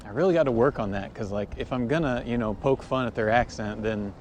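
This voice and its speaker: A man's voice: mid-range voice, a little fast, darkish tone, a little hiss or hum. A man livestreaming while riding a cargo bike outdoors, chatting in a joking, easygoing way. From United States. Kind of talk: casual livestream chat. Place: outdoors on a city bike path in wind. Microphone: camera mounted on a cargo bike.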